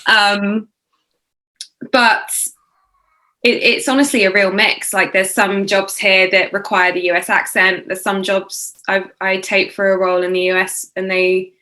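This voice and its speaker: A woman with a British accent, an actress chatting casually as an interview guest over a video call, animated and quick to laugh. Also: mid-range voice.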